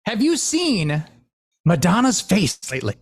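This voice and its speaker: Animated middle-aged man, lively laughing host. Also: high-pitched, a little slow, slightly rough. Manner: animated storyteller, laughs often, many fillers. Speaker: podcast host. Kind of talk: casual chat.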